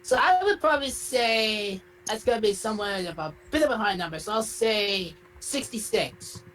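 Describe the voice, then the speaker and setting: A man's voice: high-pitched, lively intonation, normal speed, a bit bright, voice pushed up, poor audio. Guy doing a rambly contestant dude, lots of uhs and likes, some faint hiss. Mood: rambling. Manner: rambling, hesitant, full of fillers. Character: rambling young male game show contestant. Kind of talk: fan-made game show role-play.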